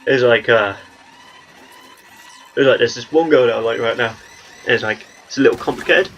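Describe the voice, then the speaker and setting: A man's voice: mid-range voice, moderate pace, a bit bright, lo-fi sound, a little hiss or hum. A young man with an English accent, talking in a rambling, chatty way as he commentates on his gameplay. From England. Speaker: gaming channel host.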